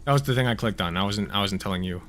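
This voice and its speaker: A man's voice: lowish voice, very fast, a bit bright, a little hiss or hum. A man streaming a video game, reacting with profane, joking asides in casual commentary.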